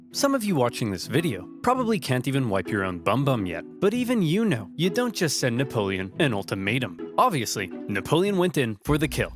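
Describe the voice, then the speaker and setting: A man narrating comedic animated history with sarcasm, switching into silly voices for the figures. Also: mid-range voice. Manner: sarcastic, jumps between silly character voices.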